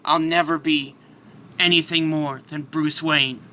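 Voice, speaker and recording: A man voicing a brooding, grim male caped hero, speaking low, quiet and curt. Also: fairly even intonation, measured pace.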